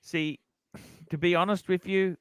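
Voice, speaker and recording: A man's voice: high-pitched, fairly even intonation, unhurried, fairly bright tone, clear, resonant tone, no echo, clean studio sound. A man from Australia hosting a livestream, reading super chats and bluntly steering the talk with repeated "look". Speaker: livestream host.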